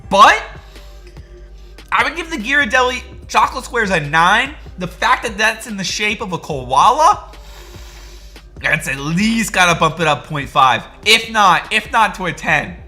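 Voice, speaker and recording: Bright, excitable young male streamer. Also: high-pitched, unhurried, soft background music. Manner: excitable, greets chat viewers by name. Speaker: livestream host. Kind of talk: casual livestream chat.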